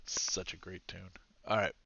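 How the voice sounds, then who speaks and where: A man's voice: low voice, level tone, normal speed, vocal fry, sharp tone, breathy edge, no echo, dull audio. A man narrating as game master in a rambling, self-deprecating way, laughing often.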